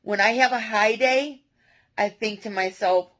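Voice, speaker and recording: A woman speaking directly to her viewers in a personal confessional vlog, earnest and halting, often restarting her sentences. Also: a little high, a bit bright, low-quality recording. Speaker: vlogger.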